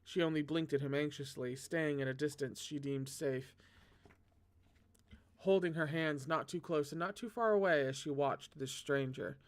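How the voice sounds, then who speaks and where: A host reading a novel aloud, breaking off into chatty, excitable commentary with self-deprecating humor. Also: normal speed. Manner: dramatic, excitable asides with big pitch jumps. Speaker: read-along host.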